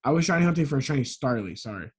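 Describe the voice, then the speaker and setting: A man's voice: mid-range voice, expressive, rapid-fire, breathy edge. Casual male co-host, rambling storyteller who corrects himself mid-sentence. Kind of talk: casual chat.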